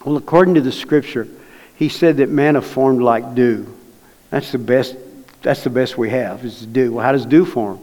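A man's voice: medium pitch, normal speed, darkish tone. A man preaching a sermon, telling a personal story in a folksy, plainspoken way. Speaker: pastor. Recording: long reverb of a large hall.

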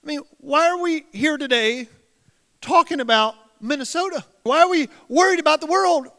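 High, bright-voiced preacher in a reverberant hall. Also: male voice, lively intonation, normal speed. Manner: preaches with rhetorical questions and repeated phrases. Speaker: pastor. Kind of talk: sermon. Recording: long reverb of a large hall.

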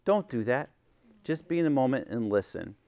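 At a workshop, a middle-aged man who used to be a chaplain teaches a group informally, performing small quotes and repeatedly asking "right?" He speaks at normal speed in a medium-pitched, gravelly, slightly mellow voice with lively intonation.

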